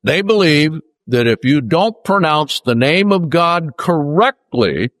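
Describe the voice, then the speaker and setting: A man giving a Bible teaching sermon, reading scripture aloud and slowing down to stress key words. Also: fairly high pitch, lively intonation, a bit bright, no room sound. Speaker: preacher.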